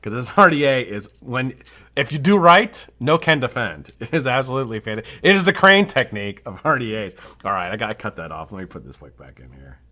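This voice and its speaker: A man's voice: medium pitch, sing-song, a little fast, bright, forceful tone. A man hosting a live vape review show, talking casually and enthusiastically and swearing freely.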